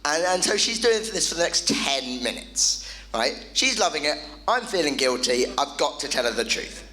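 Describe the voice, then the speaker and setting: A male comedian telling an animated stand-up story on a club stage, punchy and quick to the punchline. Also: a little high, soft background music, low-quality recording. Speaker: comedian and compere.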